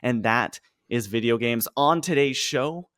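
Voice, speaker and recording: A man's voice: medium pitch, measured pace, fairly bright tone, dry recording, studio quality. A man hosting a gaming podcast with friends, introducing guests in a playful, upbeat way. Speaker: podcast host. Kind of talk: casual podcast chat.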